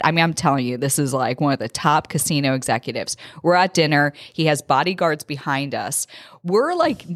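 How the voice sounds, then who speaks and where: Woman, low voice, animated storyteller, casual podcast chat, dry close mic. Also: no room sound. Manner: animated storyteller, quick bursts. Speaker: podcast co-host.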